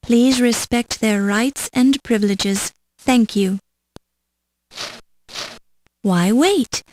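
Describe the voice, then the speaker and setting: A woman's voice: a little high, extremely slow, darkish tone, a little hiss or hum, rough recording. A woman narrating an adventure game with dry, wry scripted remarks.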